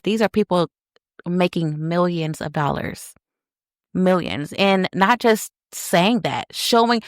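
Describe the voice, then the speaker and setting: A woman hosting a podcast, telling a personal story in an animated way and talking straight to her listeners. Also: lowish voice, no room sound, studio quality. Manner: animated, addresses listeners as y'all. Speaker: podcast host.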